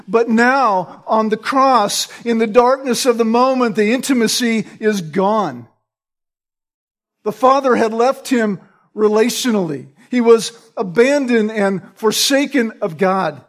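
A man preaching a sermon. He quotes scripture by chapter and verse and stresses key phrases by repeating them. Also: extremely high pitch.

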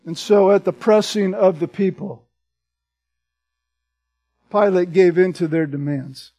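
A man's voice: high-pitched, a little slow, dark tone. A man preaching as a pastor, reading scripture aloud and then explaining it in plain words. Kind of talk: expository sermon.

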